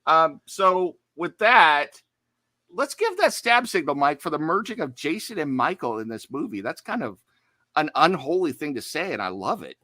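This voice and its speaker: A man's voice: a little high, very animated, moderate pace, sharp tone, dry recording. A man co-hosting a horror movie podcast, chatting casually with jokey, self-deprecating asides. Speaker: podcast co-host.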